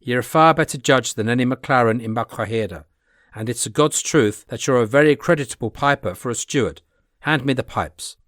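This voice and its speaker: A man reading the part of a calm, confident Highland piper and rival, in an audiobook. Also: a little fast, dry recording, clean studio sound, natural voice. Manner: calm, boldly self-assured.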